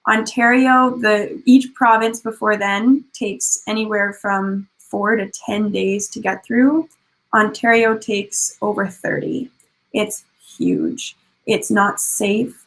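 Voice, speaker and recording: A young woman from Canada telling a casual, animated story about her travels over photos, with many fillers and restarts. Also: medium pitch, slow, poor audio. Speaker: speaker sharing a personal journey.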